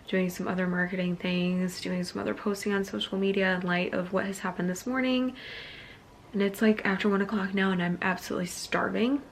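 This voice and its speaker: A woman's voice: medium pitch, a little hiss or hum. A young woman, a small business owner and artist, talking casually to camera in an earnest, upset way with lots of "like" fillers. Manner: chatty, heavy use of "like" fillers; earnest and upset, close to tears. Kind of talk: casual vlog talk to camera.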